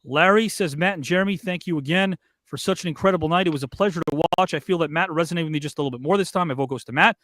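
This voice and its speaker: A man's voice: a little high, racing, hardly any pauses, background noise. A man hosting a live online debate show, upbeat as he reads out viewer votes and comments. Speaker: host.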